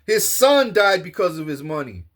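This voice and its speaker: Man, high voice, profane comedic rant, animated and boastful. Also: normal speed. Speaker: vlogger. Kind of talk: comedic rant with acted scenes.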